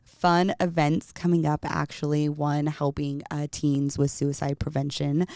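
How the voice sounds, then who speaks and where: Deep-voiced woman podcast host. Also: little pitch movement, unhurried, dark tone, dry recording, clean studio sound. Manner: easygoing, chatty, laughs easily. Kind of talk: casual interview conversation.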